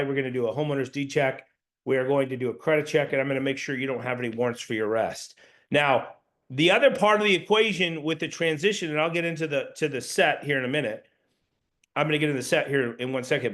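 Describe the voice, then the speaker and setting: A young man coaching solar salespeople, assertive and talking through sample pitches to customers. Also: fairly bright tone. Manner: assertive, role-plays customer dialogue.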